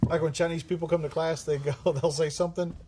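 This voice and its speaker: A man's voice: on the high side, level tone, fast talker, warm tone, slight background noise. A man hosting a livestream who answers viewer questions in a rambling, joking way, swearing often and using many fillers. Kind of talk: casual live-stream chat.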